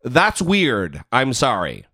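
Podcast co-host, man, sharp bright tone, lively swooping delivery, blunt and profane. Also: mid-range voice, slow pace. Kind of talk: casual podcast chat.

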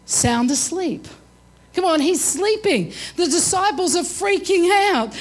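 High-voiced woman preaching, emphatic. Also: lively intonation, measured pace. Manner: emphatic, repeats "come on". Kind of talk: sermon.

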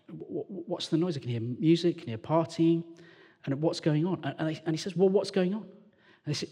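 A man from England preaches with a fairly high voice, swinging between bright, animated storytelling and low, hushed asides. His voice carries a long reverb from a church hall. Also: a little fast, husky. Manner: animated storytelling, acts out characters, drops to hushed tones. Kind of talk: lively sermon.

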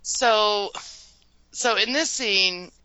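A woman's voice: mid-range voice, very slow, pushed and bright, clean tone, dry recording, muffled recording. A woman co-hosting a podcast, reading a scene-by-scene recap from her notes and laughing often between lines. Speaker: podcast co-host.

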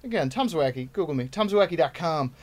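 Rambling, self-mocking man with a higher voice. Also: animated, a little fast. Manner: rambling, self-deprecating storytelling. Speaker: stand-up comedian guest. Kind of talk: casual podcast chat.

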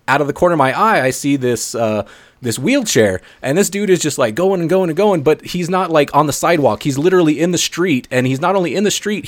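Animated podcast co-host, dry sound. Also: male voice, on the high side, no room sound. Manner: animated storyteller, swearing, many fillers. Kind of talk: casual podcast chat.

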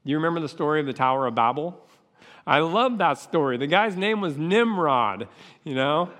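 Man, pastor, passionate sermon, swooping lively pitch, reverberant church hall. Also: moderate pace. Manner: impassioned preaching, acting out voices for effect.

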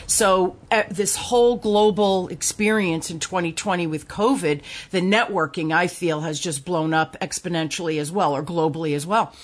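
Host: woman, North Jersey accent, upbeat and giggly, chatty and quick. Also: fairly low pitch. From New Jersey, US. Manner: enthusiastic, giggly, quick asides. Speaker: podcast host. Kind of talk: casual interview chat.

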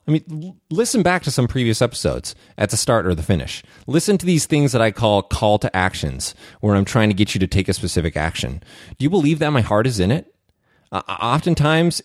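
A man with a slightly low voice hosts his own podcast, speaking candidly and reflectively in a confessional monologue. His earnest delivery is full of "uh" fillers. The sound is dry and close, with no room echo. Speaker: podcast host.

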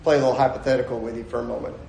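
A male pastor preaching an animated sermon, acting out scenes as he goes, in a church. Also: medium pitch, rapid-fire, creaky, slight background noise. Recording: echoey room.

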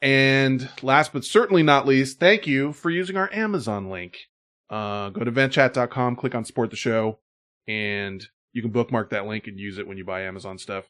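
A man co-hosts a podcast in a loose, rambling way, thanking listeners as he goes. His voice sits at an everyday middle pitch. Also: normal speed, fairly bright tone. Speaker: podcast co-host. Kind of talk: casual podcast chat.

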